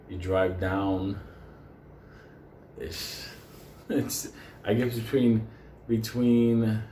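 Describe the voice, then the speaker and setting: A man's voice: lowish voice, a little mellow, a little hiss or hum. A man telling a casual, profane anecdote, digressive and swearing constantly, often laughing as he talks. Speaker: storyteller. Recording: echoey room with faint ambience.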